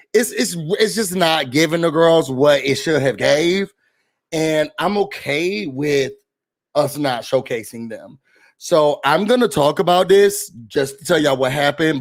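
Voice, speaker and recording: A man hosting a casual reality show recap, sassy and animated, mocking the people he talks about. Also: on the high side.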